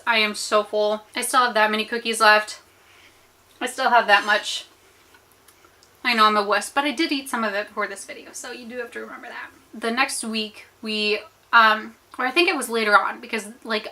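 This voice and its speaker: A young American woman telling a story to her viewers in a chatty, animated way with many fillers while she eats. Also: a little high, a little fast. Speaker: vlogger. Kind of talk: storytime chat while eating.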